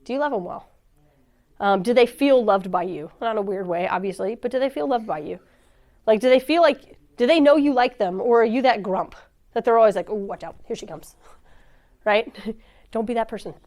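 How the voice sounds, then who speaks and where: A woman giving a casual sermon-style talk in a church, chatty and quick to laugh, acting out the people in her stories. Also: a little high, darkish tone. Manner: chatty, laughs often, acts out quoted dialogue. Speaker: church speaker.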